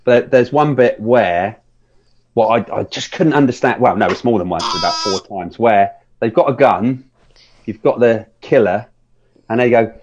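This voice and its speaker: A man's voice: mid-range voice, moderate pace, a little mellow. Male podcast host, rambling casual film chat, dull lo-fi sound. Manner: rambling, restarts often, acts out scenes in quotes.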